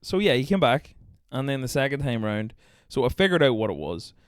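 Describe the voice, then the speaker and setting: A man's voice: mid-range voice, big pitch swings, brisk, clean tone, dry recording, studio quality. Laughing, swearing podcast host man. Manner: laughing, swearing, self-mocking. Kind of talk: casual chat.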